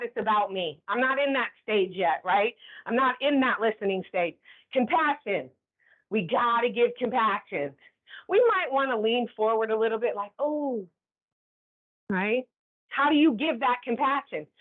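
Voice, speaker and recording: A woman leading a staff training class. She talks in a lively way and keeps checking in with the group. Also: high-pitched. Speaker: workplace trainer. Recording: tinny phone-like recording.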